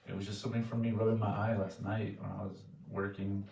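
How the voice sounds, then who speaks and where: Man, deep voice, earnest devotional sharing, halting speech, distant mic, echoey hall. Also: flat delivery, vocal fry, crowd noise. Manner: earnest, soft-spoken, halting with restarts. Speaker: devotee giving a spoken offering. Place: temple hall. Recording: echoey room, distant mic, faint noise.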